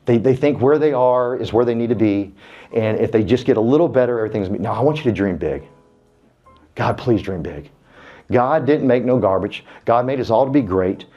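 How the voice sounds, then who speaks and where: With soft music in the background and the highs cut off, a man speaks at a normal pace in a mellow, expressive, mid-range voice. He's a real estate team speaker giving a live, folksy motivational talk to agents, fired up and exhorting them like a preacher.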